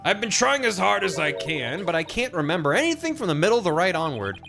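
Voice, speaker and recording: A man reading a game's dialogue aloud, voicing an earnest, cheerful young woman who is a spirit medium, talking in a bright, eager way. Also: high-pitched, big pitch swings, fast, creaky, over music, heavily acted.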